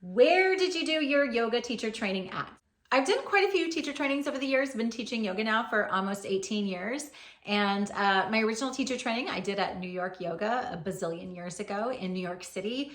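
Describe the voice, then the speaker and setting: Brief: woman in her forties, yoga teacher, blunt and joking with the odd swear, mid-pitched, casual chat at home, echoey room. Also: lively intonation, brisk, a bit bright. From Hawaii. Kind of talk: casual Q and A vlog.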